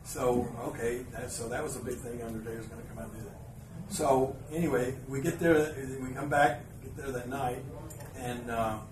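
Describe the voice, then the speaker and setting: A man spins a loose, meandering story for a live crowd, stopping and restarting his sentences as he goes. His voice is mid-pitched and sits back from the mic in an echoey hall, with steady room noise around it. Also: normal speed. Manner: rambling, filler-heavy anecdote with frequent restarts and asides. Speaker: podcast host. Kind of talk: storytelling before a live audience. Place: live event venue. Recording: roomy live venue, mic at a distance, background noise.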